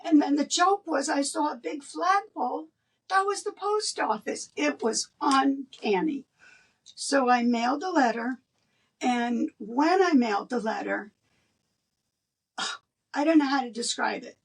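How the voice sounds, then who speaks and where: An older woman, a guest in an interview, telling a personal story in an animated way and laughing between lines. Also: high voice, measured pace, distant mic.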